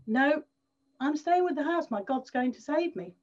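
A woman's voice: sits high, lively intonation, moderate pace, a little mellow. A stubborn man stranded on a rooftop, insisting on waiting, as a British woman puts him on in her story. The recording is slightly dull and lo-fi.

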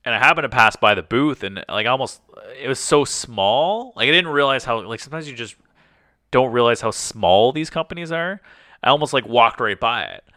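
A man's voice: medium pitch, normal speed, no echo, studio quality. A man co-hosting a casual podcast chat, telling rambling stories peppered with "like" and acting out the conversations he quotes. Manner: rambling storyteller, heavy use of "like"; animated, acts out quoted conversations. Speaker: podcast co-host.

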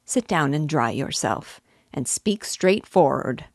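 A woman's voice: deep voice, lively intonation, takes it slowly, breathy edge, dry recording, studio quality, full character voice. Woman doing a firm village landlord. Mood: commanding. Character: firm village innkeeper man, middle-aged.

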